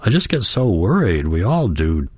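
A man's voice: deep voice, sing-song, normal speed, darkish tone, breathy edge, no echo, clean studio sound, exaggerated voice. A man voicing an anxious young granddaughter. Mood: worried, earnest. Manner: earnest, pleading. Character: worried young woman, caring granddaughter.

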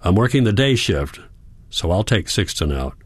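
A man voicing a brisk female caregiver. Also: deep voice, very animated, dry recording. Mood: firm.

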